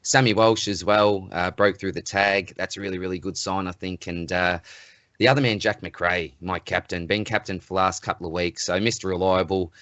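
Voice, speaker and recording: A man's voice: low-pitched, fairly even intonation, moderate pace, a bit bright, no echo. An Australian man co-hosting a podcast, talking in an easygoing way and chuckling often. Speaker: podcast co-host; school teacher. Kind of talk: casual chat. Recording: dry, muffled lo-fi audio.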